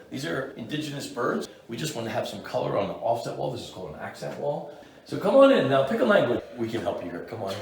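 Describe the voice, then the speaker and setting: A man giving a guided walking tour of his painted rooms, an enthusiastic and animated storyteller. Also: lowish voice, gravelly, slight background noise. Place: indoor building hallways and rooms. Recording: roomy echo, distant mic.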